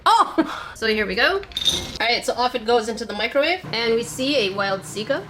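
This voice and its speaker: A woman's voice: on the high side, expressive, moderate pace, over loud music. A woman hosting a cooking vlog at home, chatting in a giggly, teasing way with her sister. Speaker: cooking channel host.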